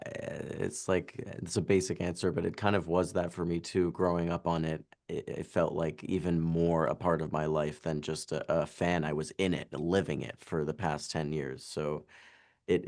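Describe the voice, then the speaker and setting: A man's voice: low-pitched, vocal fry, darkish tone. A man in his twenties, an actor giving an interview, chatting casually with lots of fillers and restarts. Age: 20s. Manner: chatty, halting, full of "like" and restarts.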